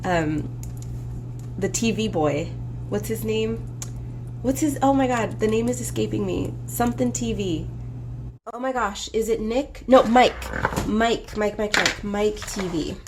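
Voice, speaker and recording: A woman's voice: mid-range voice, measured pace, noisy background. A congested woman hosting a coloring video, chatting casually in a playful, rambling way with plenty of swearing. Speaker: coloring book artist and host. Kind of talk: casual chat while coloring.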